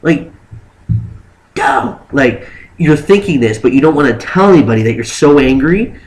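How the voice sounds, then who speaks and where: A young man telling a story casually on his vlog, animated and rambling, with lots of "like" fillers. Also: medium pitch, moderate pace, rough recording. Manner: acts out exaggerated quotes of himself and others. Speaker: vlogger.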